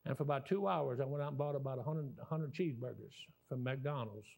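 A man in his sixties with a Southern drawl preaches from the pulpit as a guest. His delivery is folksy and animated, winding through stories with restarts and asides, at an ordinary pitch for a man. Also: quick pace, creaky. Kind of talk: sermon.

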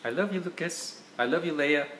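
A father reading a children's picture book aloud to his kids in a gentle, playful, animated way. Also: a little high, a little fast, slight background noise.

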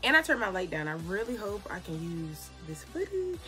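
A woman's voice: mid-range voice, very animated, fairly quick, bright, forceful tone. Young woman doing a grwm at home, slangy, hyping up her viewers, faint music under. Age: young adult. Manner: chatty, slangy, encouraging. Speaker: beauty vlogger. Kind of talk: casual get-ready-with-me chat. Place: home, indoors.

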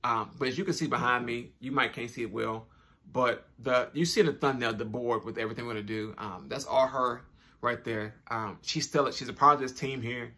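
Young male vlogger, gravelly and bright, casual chatty delivery to camera. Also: medium pitch, fairly even intonation, fairly quick. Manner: chatty, upbeat, repeats phrases, informal slang. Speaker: YouTube channel host. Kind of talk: casual direct-to-camera vlog talk.

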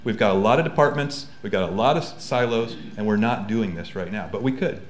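A man's voice: fairly low pitch, brisk, a little hiss or hum. A man speaking on a university seminar panel in a conversational way, often correcting himself mid-sentence. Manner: conversational, frequent self-corrections. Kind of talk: seminar talk. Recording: echoey room.

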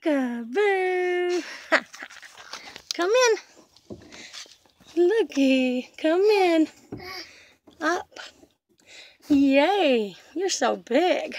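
A woman's voice: very high-pitched, lively intonation, drawn-out words, pauses often. An older woman, a grandmother, talking baby talk to her toddler grandson in a sing-song, coaxing, playful way, outdoors in a back yard.

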